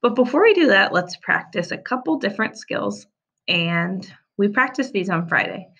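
A woman teacher giving a recorded reading lesson for young children, sounding out words slowly and clearly. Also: muffled recording. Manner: slow, clear, sounding out words with animated pitch.

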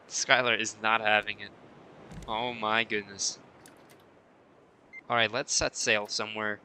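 A man's voice: mid-range voice, bright, forceful tone, slight background noise. A man chatting casually on a live stream while he plays, reading viewer messages aloud and answering them playfully.

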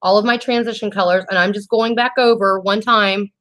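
A woman hosting a live makeup tutorial and talking straight to her viewers. She is chatty and heartfelt, and she often trips over her words and restarts her sentences. Her pitch sits in a mid range for a woman. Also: fairly even intonation, a little fast, fairly bright tone. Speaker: makeup vlogger host.

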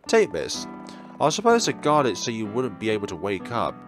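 A man voicing a gentle young woman who guards a dream place, speaking softly and apologetically. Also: on the low side, wildly swooping pitch, fairly quick, faint music behind. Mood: kind.

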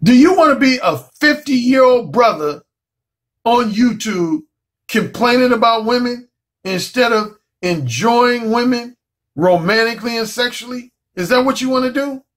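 A man's voice: very high-pitched, lively intonation, a little slow, fairly bright tone. A man, a dating coach, talking straight to the camera in a blunt, profane, preachy monologue.

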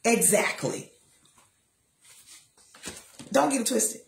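A woman giving a lively motivational talk, telling personal stories and acting out the voices of the people in them. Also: on the high side, very slow, gravelly, reverberant, background noise. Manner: lively storytelling, acts out voices, preachy asides. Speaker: motivational speaker.

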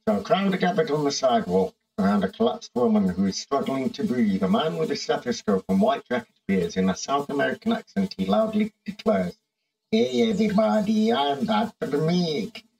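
A man with a high, gravelly voice that swoops up and down, chatting through a video game. He muses aloud, hums between choices and reads the on-screen story text, with faint guitar music playing behind him. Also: huge pitch swings, normal speed, darkish tone, low-quality recording. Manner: musing, thinking aloud with frequent hums and fillers. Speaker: game streamer. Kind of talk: casual game commentary, reading in-game text aloud.

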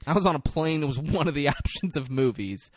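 A young man co-hosting a podcast in casual chat, animated and excitable as he swears his way through a film. His voice sits a little high, and the recording is dry and close. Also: brisk, no echo. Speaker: podcast co-host.

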